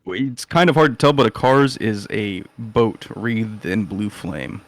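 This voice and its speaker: A man's voice: on the low side, measured pace, no room sound. A man narrating as game master, hesitant with many fillers.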